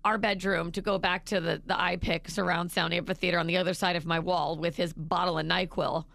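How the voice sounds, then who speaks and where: A woman's voice: flat delivery, a little fast, gravelly, fairly bright tone, no echo, clean studio sound. A woman in her thirties co-hosting a radio show, telling a story with dramatic, acted-out quotes. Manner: dramatic, acts out quotes with big pitch jumps.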